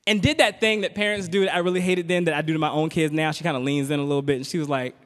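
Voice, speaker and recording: A man's voice: a little high, steady tone, very fast, fairly bright tone. A man from Richmond, Virginia, telling a comic story on stage and teasing the crowd with frequent asides. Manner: conversational, teasing the audience with frequent "right?". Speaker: comedian and spoken-word poet. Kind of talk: stand-up comedy storytelling. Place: stage in a hall. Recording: long reverb of a performance hall.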